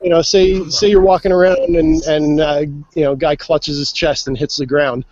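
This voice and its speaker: A man's voice: a little high, flat delivery, normal speed, a little mellow, dull audio. A man giving a casual, chatty report from outdoors at a festival, with plenty of fillers. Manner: easygoing, chatty, many fillers. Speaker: on-site reporter calling into a live show. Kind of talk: casual live walk-around report.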